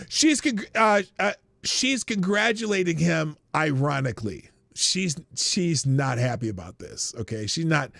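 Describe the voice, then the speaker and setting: A man's voice: a little high, lively intonation, measured pace, vocal fry, a bit bright, no echo, studio quality. A man from Nebraska who hosts a live stream, giving mocking commentary and laughing often. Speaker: host.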